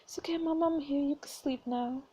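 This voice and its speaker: A woman's voice: on the high side, very animated, fairly quick, dark tone. A woman voicing an earnest, emotional young heroine in a story game, read aloud.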